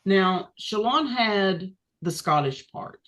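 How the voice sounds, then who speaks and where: A woman hosting a podcast with her sisters, talking in an easygoing way. She pauses often and fills the gaps with ums as she gathers her thoughts. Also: mid-range voice. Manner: relaxed, many ums and pauses. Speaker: podcast co-host. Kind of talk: casual chat.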